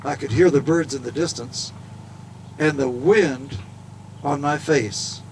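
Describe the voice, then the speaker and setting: A man's voice: medium pitch, takes it slowly, darkish tone, slight background noise, poor audio. A man telling a story to a crowd outdoors in an earnest, folksy manner. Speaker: speaker at a golf event. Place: outdoors at a golf course.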